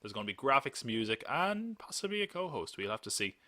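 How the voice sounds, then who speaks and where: A man's voice: medium pitch, very animated, brisk, bright, forceful tone, dry recording. A man hosting a live podcast in a casual chat, rambling and joking and laughing often. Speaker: podcast host.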